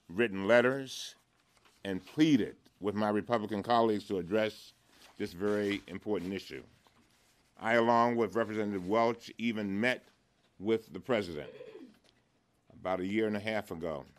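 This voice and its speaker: Resonant man giving an impassioned speech. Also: fairly low pitch. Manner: impassioned, rhetorical repetition. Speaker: congressman. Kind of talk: press conference speech.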